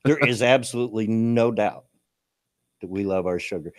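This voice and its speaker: A man's voice: on the low side, moderate pace. A man hosting a casual chat show, folksy and chatty, repeating his words. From American South. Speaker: host.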